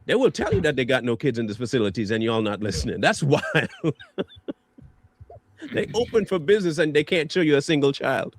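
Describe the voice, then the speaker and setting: A man's voice: medium pitch, sing-song, fairly quick, no room sound. A man hosting a stream, delivering an angry, mocking reaction rant full of insults. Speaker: stream host.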